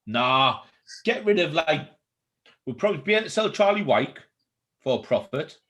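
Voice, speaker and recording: A man's voice: on the high side, sing-song, moderate pace, fairly bright tone. A man, co-hosting a casual chat about football, blunt and swearing freely. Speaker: podcast co-host. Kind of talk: casual banter.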